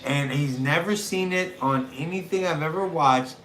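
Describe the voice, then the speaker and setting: A man's voice: fairly high pitch, normal speed, fairly bright tone. A man in his thirties hosting a call-in show, chatting casually in a profane, rambling way with lots of fillers. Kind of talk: casual chat. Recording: roomy room with faint noise.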